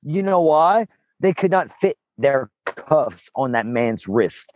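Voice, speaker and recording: A man's voice: fairly high pitch, big pitch swings, slow, dry recording, highs cut off. A man joking and bantering on a casual podcast, throwing in slang. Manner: laughing, hyping banter with slang.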